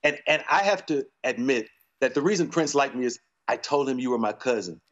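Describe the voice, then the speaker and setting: A man's voice: mid-range voice, a little fast, a bit bright, lo-fi sound. A middle-aged man, a guest on a talk show, chatting in a playful, joking way. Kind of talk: casual interview chat. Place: TV studio with live audience.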